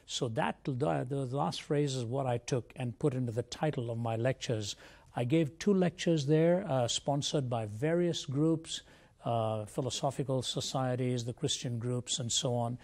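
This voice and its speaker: A man's voice: mid-range voice, normal speed, darkish tone. An older man from India, a Christian apologist, telling his life story as an interview guest in an earnest, reflective way.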